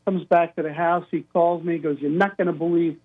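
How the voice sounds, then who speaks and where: An older man telling an animated story as a caller to a radio show, acting out the quotes. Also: a little high, fairly quick. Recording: tinny phone line.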